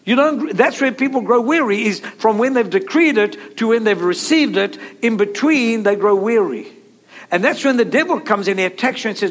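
A man with a high voice preaches with driving emphasis. He repeats key phrases and calls on his listeners to say them back to him. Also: expressive, normal speed. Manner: emphatic, repetitive preaching with call-and-response. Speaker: pastor. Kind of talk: sermon.

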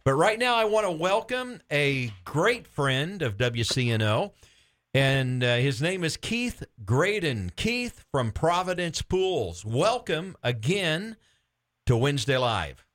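A man's voice: on the high side, big pitch swings, slow, a bit bright. A middle-aged man from Florida hosting a Christian radio talk show, upbeat and enthusiastic, laughing often and restarting his sentences.

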